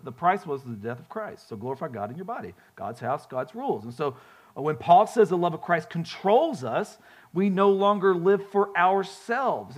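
A male pastor preaching a sermon, folksy and animated, telling stories with frequent restarts. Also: on the high side. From grew up on a farm.

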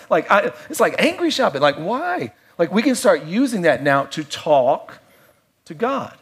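Conversational man preaching, slightly high voice. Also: very animated, moderate pace, husky. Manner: conversational preaching with playful asides and hushed reflective stretches. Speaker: pastor. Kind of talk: sermon.

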